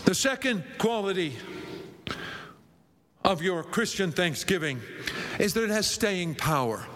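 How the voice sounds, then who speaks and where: Male pastor, sermon delivery, unhurried and emphatic, church with long reverb. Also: expressive, a bit bright. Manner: slow, emphatic preaching with wide swings of pitch. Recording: long reverb of a large hall.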